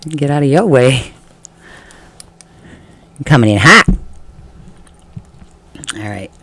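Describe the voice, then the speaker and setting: A man's voice: mid-range voice, animated, takes it slowly, pushed and bright, no echo. A man giving a casual tarot reading, chatty and laughing often, acting out the feelings he describes. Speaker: tarot reader.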